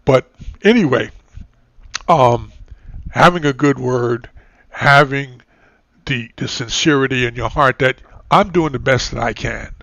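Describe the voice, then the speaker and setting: A man hosting a talk show over an online call, chatty and full of "you know"s, his voice a little hoarse. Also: mid-range voice, a little slow, long pauses, a bit bright, no echo. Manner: chatty, many filler "you know"s and restarts. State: losing his voice, clearing throat. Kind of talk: casual talk show conversation.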